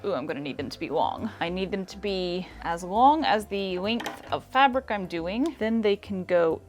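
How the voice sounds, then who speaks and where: A woman's voice: medium pitch, animated, moderate pace. Young woman w/ american twang chatting thru sewing tests at home, faint music under. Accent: regional American. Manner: chatty and self-deprecating, thinking aloud while sewing. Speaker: sewing video host. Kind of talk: casual tutorial vlog.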